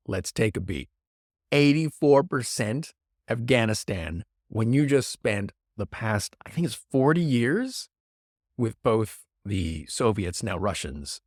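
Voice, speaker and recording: Animated, sarcastic man podcasting. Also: mid-range voice, dry recording, clean studio sound. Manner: animated, sarcastic, jumps into mock voices. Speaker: podcast host. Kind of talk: casual solo podcast commentary.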